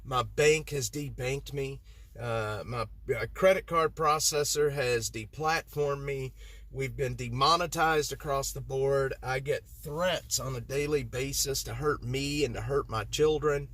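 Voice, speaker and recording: A man's voice: mid-range voice, measured pace, fairly bright tone. A man hosting a livestream from inside a vehicle, talking heatedly in circles and repeating himself as he answers viewer comments. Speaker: livestream host.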